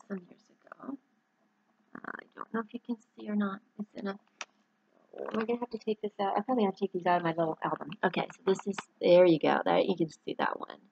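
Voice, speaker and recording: A woman's voice: medium pitch, creaky, highs cut off, a little hiss or hum. A middle-aged woman talking in a rambling, heartfelt personal vlog, getting choked up at times. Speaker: author and dog owner. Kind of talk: personal vlog, showing photos to camera.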